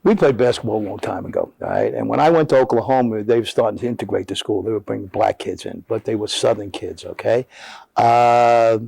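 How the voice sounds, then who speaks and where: An older man from Jersey City, New Jersey, once a basketball player, tells stories as an interview guest in casual conversation. His voice is lowish, fairly quick, slightly rough and full of vocal fry, with no room sound. He's an animated storyteller who keeps tagging his lines with "all right?"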